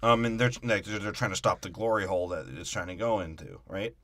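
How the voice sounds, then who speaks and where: A man with a low voice talks through a film plot in loose, profane podcast banter. The sound is dry and close, with no room echo at all. He drifts into mock impressions and laughs along the way. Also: fairly quick, a bit bright. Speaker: podcast co-host. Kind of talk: casual movie breakdown chat.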